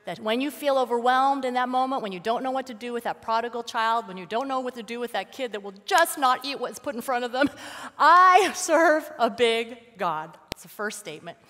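A woman giving a lively, conversational sermon as a guest speaker, telling stories with casual fillers. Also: on the high side, fast, few pauses, big-room sound. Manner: animated, casual storytelling with fillers. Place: church sanctuary.

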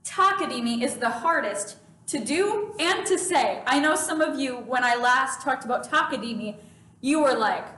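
A woman's voice: high-pitched, animated, normal speed, pushed and bright, a little hiss or hum. A woman music teacher giving a children's music lesson in a patient, encouraging way. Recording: echoey room, mic at a distance.

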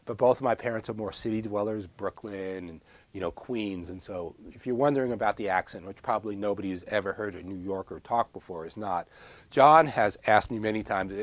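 A man's voice: fairly low pitch, dry recording. Chatty man with a New York accent. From Long Island, New York. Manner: chatty, digressive, self-deprecating asides; gestures a lot while talking. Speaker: herbalist teacher. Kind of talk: casual filmed lecture.

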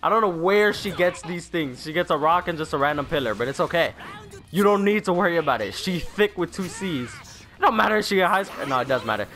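Excitable, trash-talking young gamer man. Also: on the high side, a little fast. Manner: trash-talking, laughing, swearing at opponents. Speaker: gaming YouTuber. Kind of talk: casual gameplay commentary. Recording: faint game music behind.

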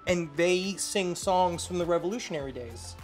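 A man's voice: high-pitched, animated, normal speed, darkish tone, soft background music. Rambling, jokey man guest. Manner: rambling, jokey, slips into silly put-on voices. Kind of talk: comedic casual chat.

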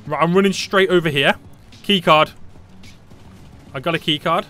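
A man giving live gameplay commentary, panicky and excitable, often repeating short phrases. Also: on the high side, moderate pace, faint music behind. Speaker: gaming YouTuber.

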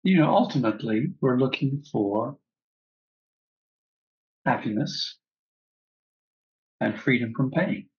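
A man teaching a breathwork class, calmly guiding the breath and repeating key phrases. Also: mid-range voice, takes it slowly, long pauses, dull audio.

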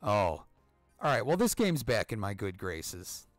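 A man's voice: lowish voice, big pitch swings, unhurried, no room sound, faint music behind. A middle-aged man commenting on his gameplay in a profane, sarcastic way, and laughing at his own jokes. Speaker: let's-play streamer.

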